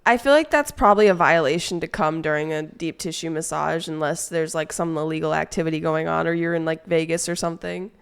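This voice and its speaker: A woman's voice: low voice, fairly even intonation, fairly quick, vocal fry, few pauses, clean tone. Rambling, crude young woman streamer. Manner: rambling, crude and playful, reads chat aloud. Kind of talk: casual live-stream chat with viewers.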